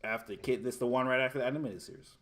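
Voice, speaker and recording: A man's voice: mid-range voice, steady tone, very fast, a bit bright. A young man in a casual argument, talking bluntly with plenty of swearing. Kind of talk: casual chat.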